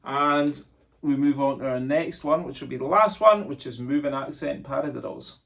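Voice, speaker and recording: A man's voice: mid-range voice, normal speed, creaky. A man teaching pipe band drumming, counting in and chanting sticking patterns in an encouraging, jokey way. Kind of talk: instructional lesson, counting in and calling rudiments. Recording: distant mic with loud drumming behind.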